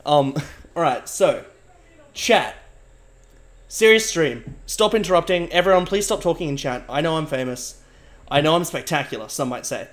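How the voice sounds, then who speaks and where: Young man, streamer, rambling mock-serious chat with viewers, slightly higher voice. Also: expressive, moderate pace. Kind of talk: casual live-stream chat.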